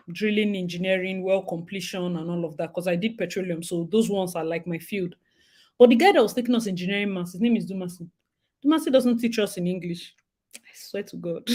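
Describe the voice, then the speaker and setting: Animated Nigerian woman from Rivers State. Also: mid-range voice. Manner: animated, laughing often, mixing in pidgin. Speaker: host. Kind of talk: casual live chat.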